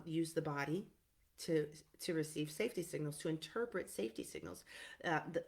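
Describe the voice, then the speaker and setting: A middle-aged woman therapist teaching in a casual, animated way, often checking in with "right?" and filling pauses with "um". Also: fairly low pitch. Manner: animated and emphatic, frequent "right?" and "um".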